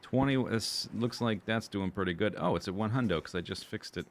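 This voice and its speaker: Streaming a survival game, a man with a lowish voice talks a little fast. He chats and rambles about his gear and plans in casual commentary, fixing his own words as he goes.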